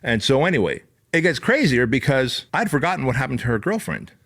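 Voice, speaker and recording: A man's voice: mid-range voice, sing-song, brisk, fairly bright tone. A man hosting a podcast, telling a story in a casual, emphatic, profane way. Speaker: podcast host. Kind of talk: storytelling monologue.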